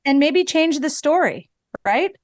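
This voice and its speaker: A woman co-hosting a chatty podcast, teasing her friend in a bubbly way and swearing freely. Her voice sits fairly high and sounds close and dry, with no room echo. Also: expressive, unhurried. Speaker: podcast co-host. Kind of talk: casual chat.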